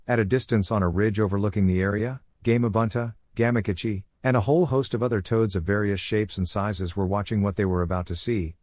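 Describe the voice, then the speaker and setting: Guy reading fan fiction aloud, steady, low, dry sound. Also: fairly quick, hardly any pauses, no echo. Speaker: narrator.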